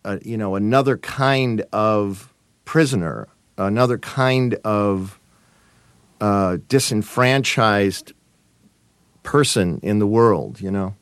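Halting, amused man telling stories. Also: on the low side, clean tone, no echo. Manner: halting, many restarts and "you know"s, amused. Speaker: guest, TV writer and producer. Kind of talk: conversational interview storytelling.

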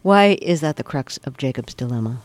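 A man's voice: mid-range voice, lively intonation, a little fast, no room sound. A man hosting an interview, asking brief, direct questions. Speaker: interviewer host. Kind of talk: radio interview.

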